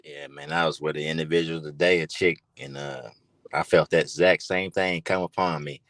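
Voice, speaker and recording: Deep-voiced, laid-back man. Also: moderate pace, creaky, a bit bright, no echo. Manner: laid-back, agreeing, laughs along. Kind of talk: casual podcast chat.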